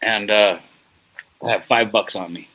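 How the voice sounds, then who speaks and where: A man's voice: on the low side, fairly even intonation, a little slow, sharp tone, a little hiss or hum, rough recording. A middle-aged man hosting a casual chat, rambling and profane as he tells a story, often laughing at himself. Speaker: show host.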